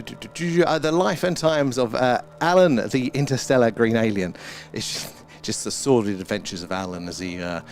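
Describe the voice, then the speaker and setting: British man, live stream host, casual chatty delivery, middling pitch, soft music underneath. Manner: chatty, greets and thanks viewers by name, mild swearing. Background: faint ambient music.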